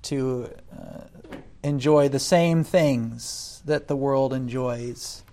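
Slow, deliberate male preacher. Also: mid-range voice, steady tone, creaky. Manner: deliberate, swells loud on scripture then drops quiet. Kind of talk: sermon.

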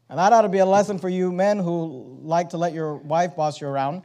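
A man's voice: a little high, fairly even intonation, fairly quick, hardly any pauses, mellow. A man preaching a sermon to his congregation, reading scripture aloud and stressing key phrases with growing intensity.

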